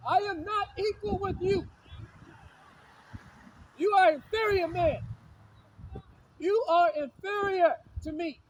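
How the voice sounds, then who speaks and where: Man, very high pitch, combative preacher who quotes scripture and hammers the same lines. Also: a little hiss or hum, poor audio. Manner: repetitive, insulting, shouts lines again and again. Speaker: street preacher. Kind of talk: confrontational preaching with scripture readings.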